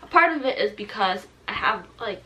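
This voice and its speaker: A young woman in her twenties speaks to camera in a bright voice, halting with fillers and restarts. She sounds tearful and her throat is thick with mucus, so she clears it now and then. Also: mid-range voice, expressive. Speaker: vlogger. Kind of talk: personal talk to camera.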